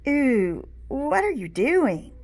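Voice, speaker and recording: Cheeky little schoolgirl read by a woman, teasing half-whisper, a bit high. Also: sing-song, takes it slowly, darkish tone, heavily acted. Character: playful, cheeky young schoolgirl.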